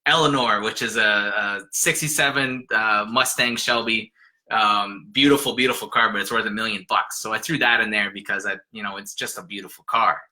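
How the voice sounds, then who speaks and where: A man speaking as a guest in a casual chat, easygoing and quick to laugh. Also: on the low side, steady tone, sharp tone.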